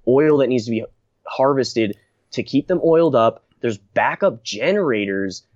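A young man hosts a casual podcast chat in a medium-pitched, expressive, slightly mellow voice at a measured pace. He's blunt and rambling, laughing often and restarting sentences, on a dry, dull lo-fi recording.

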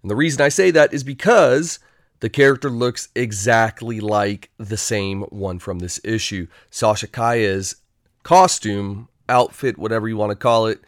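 A man's voice: on the low side, normal speed, dry recording, clean studio sound. A man hosting a casual solo podcast, upbeat and chatty with playful asides. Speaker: podcast host.

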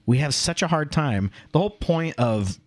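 A man's voice: a little high, moderate pace. A middle-aged man co-hosting a podcast, telling stories and ranting with emphasis. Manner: animated storyteller, emphatic and ranting. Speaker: podcast co-host. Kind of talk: casual podcast chat.

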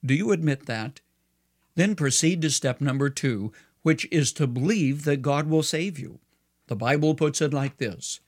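A man delivering a scripted devotional radio commentary in an earnest, measured and persuasive way. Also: mid-range voice.

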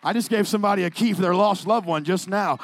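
A male evangelist preaching a sermon, moving from hushed storytelling to shouted exhortation. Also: high-pitched, fast talker.

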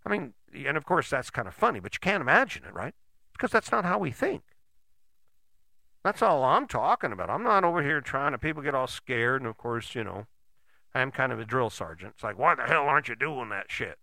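A man's voice: mid-range voice, sing-song, brisk, gravelly, bright, forceful tone, dry recording. An older man giving a casual motivational talk, folksy and blunt, often checking in with "right?".

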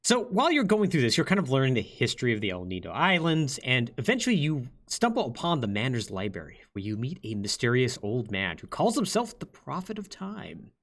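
Lively young man retelling a game story. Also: mid-range voice, brisk, few pauses. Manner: lively, filler-heavy, acts out quotes. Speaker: podcast host. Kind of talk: casual chat retelling a game plot.

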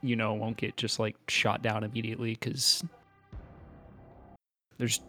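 A man's voice: fairly low pitch, monotone, unhurried, pushed and bright, faint music behind. A man hosting a podcast in casual chat, laid-back and rambling with lots of hesitation. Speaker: podcast host.

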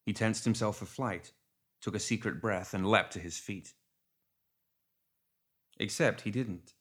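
A man narrates an audiobook from a script in a steady, measured way, with a fairly low-pitched voice.

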